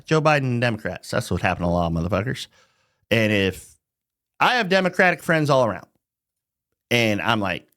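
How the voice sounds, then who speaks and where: Middle-aged man ranting, animated pitch. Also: normal speed, no room sound, clean studio sound. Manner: profane, mocking, laughs mid-sentence. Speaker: vlogger. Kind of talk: casual ranting monologue.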